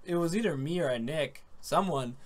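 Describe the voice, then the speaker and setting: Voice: medium pitch, moderate pace. A podcast host chatting casually about an anime, rambling and laughing often. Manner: rambling, laughs often, says dude and man.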